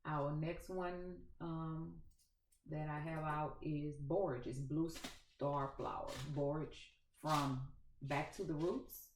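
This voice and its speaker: A woman's voice: sits low, steady tone, takes it slowly. A woman with a thick Louisiana accent hosting a gardening channel, chatting folksily to viewers with a dry, scratchy throat. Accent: Louisiana Southern. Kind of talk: casual chat to camera. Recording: echoey room.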